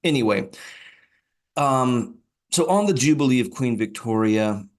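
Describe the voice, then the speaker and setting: A man's voice: medium pitch, lively intonation, measured pace. A male podcast host giving informal poetry commentary, talking conversationally with frequent fillers and restarts.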